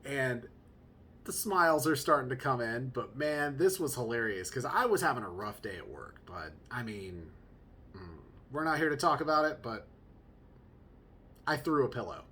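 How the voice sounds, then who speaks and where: Lively, animated young dad talking. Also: male voice, mid-range voice, normal speed, breathy edge. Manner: animated, joking, chatty asides. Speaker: podcast host, new father. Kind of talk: casual storytelling monologue.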